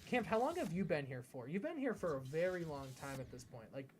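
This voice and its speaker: A man's voice: on the high side, big pitch swings, fairly quick, a little mellow, slight background noise. Rambling American streamer guy. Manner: rambling and chatty, often reading chat aloud. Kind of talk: casual live-stream chat. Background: background music.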